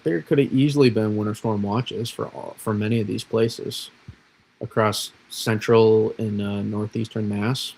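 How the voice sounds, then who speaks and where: Rambling and self-deprecating, a man from Massachusetts who forecasts weather as an amateur talks through models on a livestream, often restarting his sentences. His lowish voice has vocal fry, and the recording quality is low.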